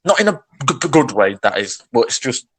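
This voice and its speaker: A man's voice: medium pitch, very animated, a little fast, fairly bright tone, low-quality recording. A young man co-hosting a podcast, ranting in casual chat, agitated, with sighs and many restarts. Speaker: podcast co-host.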